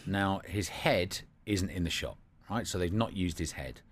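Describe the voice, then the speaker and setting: A man's voice: deep voice, breathy edge. A man hosting a radio breakfast show, bantering playfully and teasing his co-host. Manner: teasing, jokey, quick to laugh. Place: radio studio.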